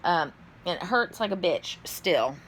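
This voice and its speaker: A middle-aged woman, chatting casually to camera at home in a rambling way, with sudden high exclamations. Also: animated, unhurried, a little hiss or hum. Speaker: vlogger. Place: at home indoors.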